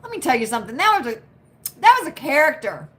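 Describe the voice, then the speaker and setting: An American woman hosts a casual live chat with viewers in a high, slightly bright voice, talking fast and very animatedly. She's chatty and repeats herself, often tacking on "right?" and laughing a lot.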